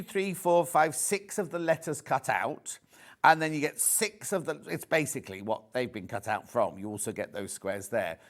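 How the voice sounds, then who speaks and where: With a fairly high, somewhat bright voice, a man from the UK hosts a live studio shopping broadcast. He's chatty and jokey, pitching fabrics and reading messages sent in by viewers.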